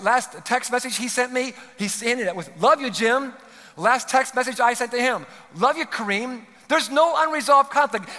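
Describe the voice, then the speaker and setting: A man's voice: very high voice, bright, forceful tone. A male pastor preaching a sermon, earnest and pleading, pressing his points with rising emphasis. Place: large church hall. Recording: long hall reverb.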